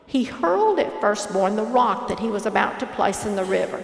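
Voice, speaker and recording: A woman reading a parable aloud in a measured, earnest storytelling manner. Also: mid-range voice, expressive, gravelly. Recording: echoey hall reverb.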